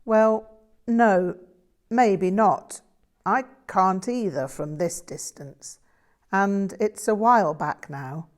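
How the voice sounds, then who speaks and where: A woman's voice: medium pitch, takes it slowly, close to an everyday voice. A woman voicing a modest, reflective young English man who talks about himself in a self-deprecating way.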